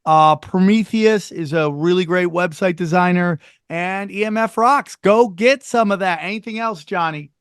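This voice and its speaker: High-voiced profane podcast host. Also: male voice, moderate pace, few pauses, clean tone, no room sound, studio quality. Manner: animated, profane, riffing with mock voices. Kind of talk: casual chat.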